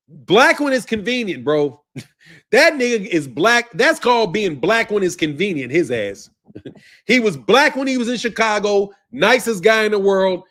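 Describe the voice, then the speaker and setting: A man from the United States ranting without a script as a boxing channel commentator, loud and profane, laughing between lines. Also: high-pitched. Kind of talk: unscripted profane rant.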